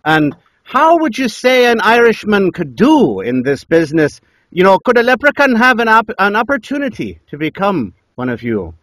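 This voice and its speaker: A man's voice: huge pitch swings, normal speed, a bit bright, no echo, full character voice. A man putting on the voice of a small, mischievous male leprechaun who asks playful questions. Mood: inquisitive. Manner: jokey, wandering pitch, playful.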